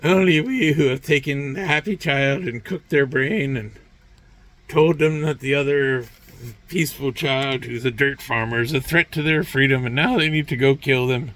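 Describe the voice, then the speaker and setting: A man's voice: mid-range voice, normal speed, a bit bright, voice pushed up, natural voice. A man voicing a condescending, scheming elite who sneers and congratulates himself. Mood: smug.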